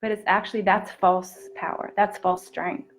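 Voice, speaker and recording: A woman in a mid-range voice gives an earnest, heartfelt talk live to her viewers, picked up by a camera mic. Her tone is intimate and encouraging, and at times it softens almost to a whisper. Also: mid-range voice, little pitch movement, normal speed, rough recording. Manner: earnest, intimate and encouraging, often drops to a soft near-whisper. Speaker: self-love coach. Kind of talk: live-streamed motivational talk.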